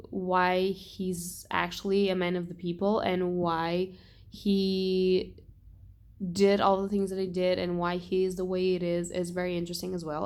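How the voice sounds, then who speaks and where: A young woman talking casually in a book vlog, animated and exasperated, swearing and laughing often. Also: lowish voice. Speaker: book vlogger.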